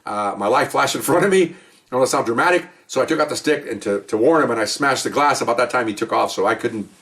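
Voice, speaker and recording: Fast-talking cop spinning a story. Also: male voice, medium pitch, fairly bright tone. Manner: rambling, conversational, acts out quoted dialogue. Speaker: police officer telling stories. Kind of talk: casual spoken storytelling. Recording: voice distant from the mic.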